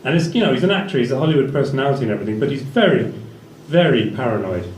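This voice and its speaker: A man's voice: medium pitch, very animated, rapid-fire, a little mellow. A man doing a stand-up set in a small comedy venue, rambling in a dry tone with fillers. His voice rings through an echoey room and is picked up from a distance. Faint ambient noise sits underneath.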